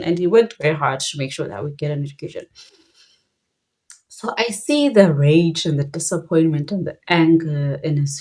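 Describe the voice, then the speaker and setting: Low-voiced South African woman storyteller. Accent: South African, Xhosa. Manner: reflective, switches between languages mid-sentence. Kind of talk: personal storytelling.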